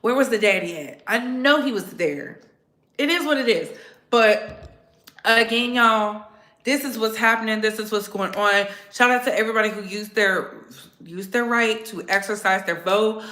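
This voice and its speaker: A woman with a bright, fairly high voice gives animated, profane gossip commentary as the host of her own channel. She talks straight to her viewers and laughs often. The sound is roomy and echoey. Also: moderate pace. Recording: echoey room with faint noise.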